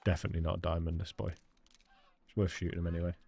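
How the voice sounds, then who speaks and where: An Englishman live-streams a hunting game, chatting casually with viewers, laughing often and calling people mate. His low, creaky, slightly mellow voice comes rapid-fire in a level tone, picked up on a studio dynamic microphone with slight background noise.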